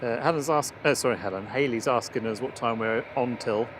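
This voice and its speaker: A man's voice: mid-range voice, brisk. A man co-hosting a live plane-spotting stream outdoors, joking and laughing often in casual chat. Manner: jokey, laughs often, banters. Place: outdoors at an airport. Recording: outdoor stream with clear background noise.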